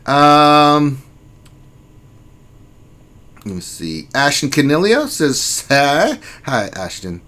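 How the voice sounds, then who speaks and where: A man's voice: a little high, big pitch swings, very slow, pauses often, pushed and bright. Laid-back joking man hosting a stream. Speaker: livestream host. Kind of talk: casual chat, greeting viewers and reading chat messages aloud.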